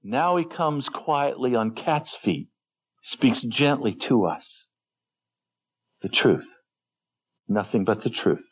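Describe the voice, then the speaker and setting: A man preaching a sermon as pastor, earnest and gentle, lifting his voice when quoting others. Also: mid-range voice, expressive, takes it slowly, pauses often, breathy edge. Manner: gentle, earnest storytelling with sudden lifts for quoted voices. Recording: dull lo-fi sermon recording.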